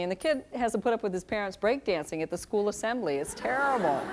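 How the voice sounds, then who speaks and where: Middle-aged woman, parenting lecturer, wry, lively, acts out quotes. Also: mid-range voice, brisk, few pauses, slight background noise. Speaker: parenting speaker.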